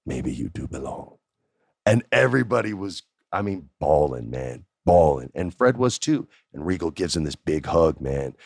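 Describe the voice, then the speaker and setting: A middle-aged American man with a very low, deep voice tells a story in a loose, animated way. He talks casually, stacking fillers and restarting his sentences. The sound is dry and close, with no room echo. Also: moderate pace, creaky, hardly any pauses. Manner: animated, conversational, lots of fillers.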